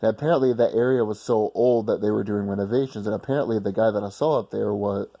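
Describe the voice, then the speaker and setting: A man's voice: lowish voice, steady tone, fast, vocal fry, dark tone, highs cut off. A man casually telling a personal story in a rambling, blunt way with some swearing.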